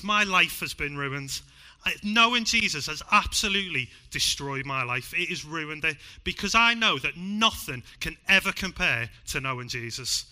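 A man with a Liverpool accent preaching a sermon in church, emphatic one moment and hushed the next. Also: on the high side, lively intonation, moderate pace. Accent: Liverpool (Scouse). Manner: emphatic, swings from loud to hushed.

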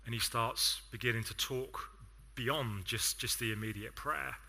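A man's voice: medium pitch, measured pace, vocal fry, bright, forceful tone. A man with an English accent preaching a sermon, telling stories in a conversational way with self-deprecating asides.

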